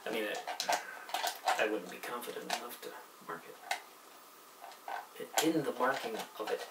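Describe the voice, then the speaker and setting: A man demonstrating how he builds a costume, talking casually and haltingly, breaking off mid-sentence as he works with his hands. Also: mid-range voice. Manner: halting, thinks aloud while working with hands. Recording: roomy, distant, loud background noise.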